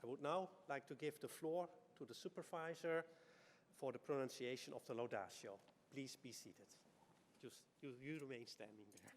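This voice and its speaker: A man's voice: medium pitch, normal speed. A man chairing a ceremony, polite and formal, giving short instructions. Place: university ceremony hall. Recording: echoey hall, faint background noise.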